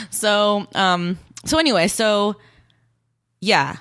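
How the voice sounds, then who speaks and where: A woman's voice: medium pitch, expressive, drawn-out words, a bit bright, dry recording, clean studio sound. A young woman co-hosting a podcast, chatting casually, laughing often and acting out characters' lines as she retells the plot. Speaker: podcast co-host recapping a TV show. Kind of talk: casual chat.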